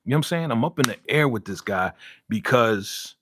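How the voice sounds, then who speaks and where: A man's voice: mid-range voice, expressive, fairly quick, fairly bright tone, a little hiss or hum. A man hosting a casual live stream, reading viewer comments aloud and ranting heatedly with laughs in between. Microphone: studio podcast mic.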